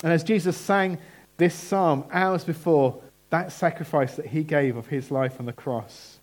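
A man preaching a sermon in a church, earnest and emphatic, slowing down on key phrases. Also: a little high.

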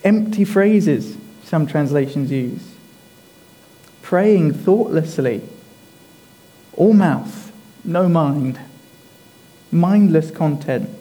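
A male preacher delivering a sermon at an unhurried pace. His voice sits a little high for a man but has a soft, mellow tone. He leans on key phrases and repeats them for emphasis. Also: expressive, rough recording.

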